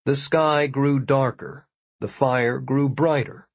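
Slow, gravelly man narrating a story. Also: mid-range voice, steady tone, dry recording. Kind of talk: audiobook narration.

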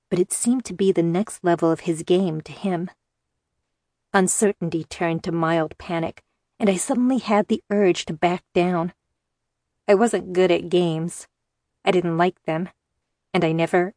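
A woman reads first-person fiction aloud in a measured, steady way. Her voice sits on the lower side, and the recording is close and dry, with no room echo. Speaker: audiobook narrator. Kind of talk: scripted first-person narration.

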